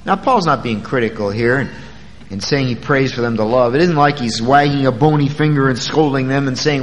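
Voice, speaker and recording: A man's voice: mid-range voice, a little fast, in a large hall, poor audio. A man preaching a sermon as pastor, talking in a conversational way and stretching key words for emphasis.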